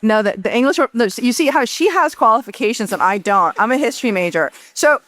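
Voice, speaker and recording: A woman author in a public onstage conversation, talking in an animated, personal storytelling way. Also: fairly high pitch, fast talker, no room sound. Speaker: author, guest. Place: indoor event stage.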